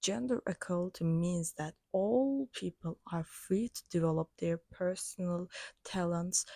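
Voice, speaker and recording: A woman reading a prepared lesson aloud in a careful, measured way, with small restarts. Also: fairly low pitch, a little mellow, no echo. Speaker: educational presenter.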